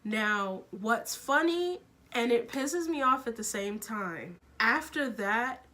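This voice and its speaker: Young woman, storytime vlog, bright forceful voice, frank, exasperated, quick bursts. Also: on the high side, lively intonation. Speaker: vlogger.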